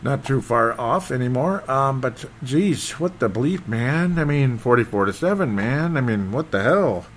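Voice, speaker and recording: A man hosting a casual football recap podcast, rambling and excitable, often losing his train of thought. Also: medium pitch, unhurried, hardly any pauses, a little hiss or hum. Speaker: sports podcast host.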